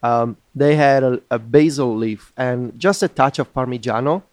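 A man's voice: medium pitch, normal speed, a little mellow, no room sound. A man, a guest, chatting casually and giving wry, understated food reviews. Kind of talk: casual chat.

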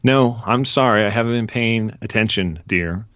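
A man's voice: on the low side, moderate pace, fairly bright tone, no echo, dull audio, pitched above the performer's own voice, close to an everyday voice. A man reading aloud and voicing a stern, coldly polite mother in a storybook excerpt. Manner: clipped, icy politeness. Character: cold, stern mother at the dinner table.

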